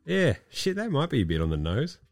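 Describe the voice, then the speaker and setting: A man's voice: mid-range voice, wildly swooping pitch, fairly quick, darkish tone, dry recording. A man hosting a casual sports podcast, ranting and swearing a lot while sick and coughing. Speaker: podcast host.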